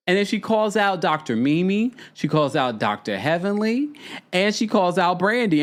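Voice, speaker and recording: A man hosting a podcast, casually recapping a reality show in animated, chatty commentary with frequent laughs and dramatic asides. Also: high-pitched, moderate pace.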